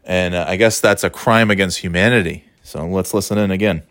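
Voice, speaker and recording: A man's voice: sits low, a little fast, noisy background. A man giving casual, sarcastic commentary on a clip, swearing freely. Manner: sarcastic, swears, mocks with put-on voices.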